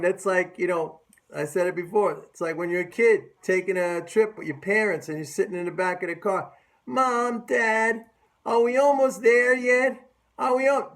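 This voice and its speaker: In a loose market-commentary rant, a middle-aged man with a strikingly high voice talks like an experienced trader. He's sarcastic, ridicules his listeners, and emphatically repeats phrases to hammer home his points.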